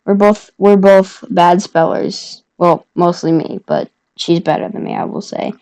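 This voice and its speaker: Woman, vlogger, rambling casual story, unhurried delivery, fairly low voice. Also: fairly even intonation, warm tone, rough recording. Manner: rambling, self-correcting.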